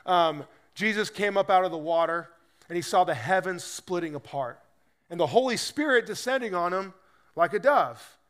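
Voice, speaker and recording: Animated high-voiced male preacher. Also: moderate pace. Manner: animated, conversational preaching with quoted asides. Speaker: pastor. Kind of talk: sermon.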